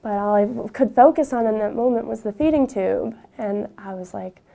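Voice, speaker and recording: A young woman, a university student, telling her personal story in an interview, halting, with frequent fillers and restarts. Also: on the high side, creaky, warm tone.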